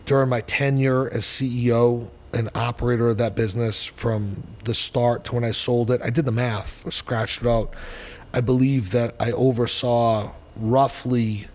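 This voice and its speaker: Podcast guest, man in his forties, animated and foul-mouthed storyteller, faint background hiss. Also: medium pitch, moderate pace, big-room sound. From New Hampshire, US. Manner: blunt, profane, animated storytelling. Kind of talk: storytelling interview.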